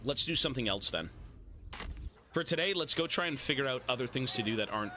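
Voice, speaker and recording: A man talks casually through a home game stream, his voice rising and falling with lively energy. He speaks at a middle pitch and swears offhandedly. A steady, noisy hum sits behind him throughout. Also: fast. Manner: chatty, animated, swears casually. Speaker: gaming streamer. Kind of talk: casual live-stream chat while gaming.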